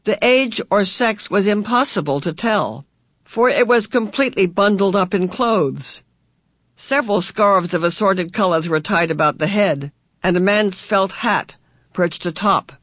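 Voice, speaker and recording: A man narrating a story in a measured, even storytelling manner. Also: high voice, no echo. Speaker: audiobook reader. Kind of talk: scripted narration.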